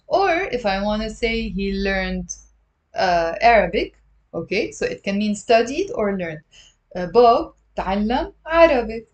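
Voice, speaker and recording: Patient woman teaching a live language lesson. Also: medium pitch. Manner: patient, explains step by step and drills pronunciation; answers viewer questions from live chat. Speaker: online Arabic teacher.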